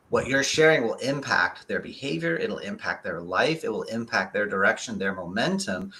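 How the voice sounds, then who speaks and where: A man who is a guest consultant on a live talk show, speaking with excitement and drive, racing ahead and then deliberately slowing down to press his points. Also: on the low side.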